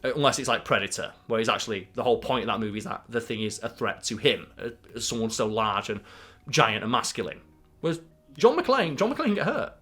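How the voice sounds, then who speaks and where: A man co-hosts a casual film podcast and gives blunt, opinionated takes. He swears freely as he talks. His voice sits at an ordinary middle pitch. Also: sing-song, fast talker, fairly bright tone, soft background music. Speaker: podcast co-host.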